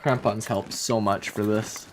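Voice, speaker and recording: A man's voice: lowish voice, a little slow. An American man giving casual livestream gameplay commentary, chatty and swearing, talking back to his chat. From United States. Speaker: streamer playing a survival game. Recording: steady background noise.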